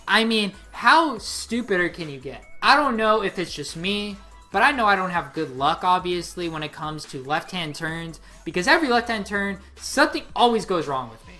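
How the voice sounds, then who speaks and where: A young woman in her late teens telling a story on her vlog, excitable and rambling, with lots of "like" fillers. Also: lowish voice, normal speed, soft background music. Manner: excitable, rambling, heavy use of 'like'. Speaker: vlogger. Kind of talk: casual storytelling.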